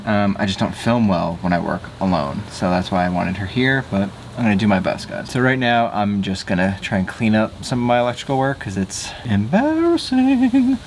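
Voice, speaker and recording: Man, fairly low voice, casual step-by-step vlog narration, faint hum behind. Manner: matter-of-fact, explains work step by step. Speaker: vlogger. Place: at a van, doing electrical work.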